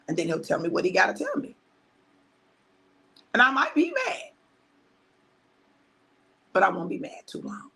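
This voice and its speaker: A woman pastor, preaching conversationally on a livestream, repeating phrases for emphasis and dropping to hushed tones. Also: medium pitch, very animated, normal speed, vocal fry, pauses often.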